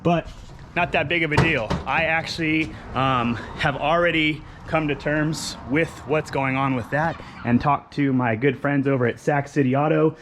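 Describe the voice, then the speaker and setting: Against background noise, a fairly high-pitched young man speaks at normal speed in a steady tone. He's a car vlogger from California casually walking around a wrecked car he means to rebuild, enthusiastic, gesturing with his hands, and heavy on fillers like "um" and "like."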